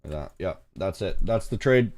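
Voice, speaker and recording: This livestream host, a forex trader, joins in with casual banter and jokes, speaking in short, chopped-up phrases. He has a low, somewhat mellow voice that's animated and moves at a normal pace.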